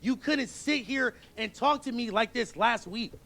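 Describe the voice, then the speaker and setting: A man with a high voice confronts his longtime show partner. He is heated, profane and accusing, and he keeps pressing his point. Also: unhurried, gravelly, bright, forceful tone.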